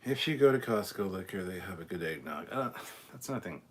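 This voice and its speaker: A man's voice: deep voice, animated, quick pace. A man hosting a casual live stream, reading chat aloud and ranting bluntly with plenty of swearing.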